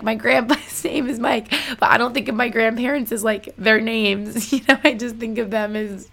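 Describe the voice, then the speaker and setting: A woman's voice: fairly high pitch, fairly even intonation, normal speed, gravelly, few pauses, fairly bright tone. A young woman telling a story casually to her viewers, chatty and full of fillers. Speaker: vlogger.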